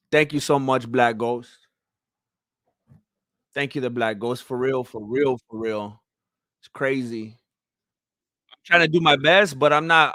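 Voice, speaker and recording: A young man hosting a casual livestream, reading viewer comments and thanking fans, excitable and laughing often, his voice going hoarse from talking so much. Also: mid-range voice, no echo, studio quality. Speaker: livestream host.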